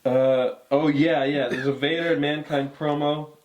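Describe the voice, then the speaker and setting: Relaxed man plainly recapping. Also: a little high, measured pace. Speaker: podcast co-host. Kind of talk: casual chat recapping wrestling.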